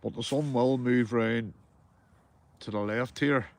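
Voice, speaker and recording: A man's voice: mid-range voice, slow pace. A man with a Northern Irish accent, chatting casually to his live-stream viewers from a small tent while out fishing, greeting each one by name and calling them mate. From Northern Ireland. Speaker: livestreaming angler. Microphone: phone or camera on a live stream.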